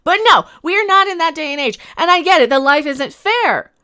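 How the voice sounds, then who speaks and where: A woman's voice: very high voice, animated, fairly quick, pushed and bright. A woman hosting a live-stream commentary, ranting with indignant anger, repeating herself and swearing. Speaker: streamer host.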